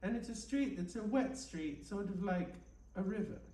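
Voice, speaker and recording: At a live bookstore event, a guest performer leads a comic, improvised guided meditation that is absurd and deadpan, then chats with the host. Her mid-range voice moves at normal speed, rambling with fillers, and the recording sounds roomy and distant with faint background noise.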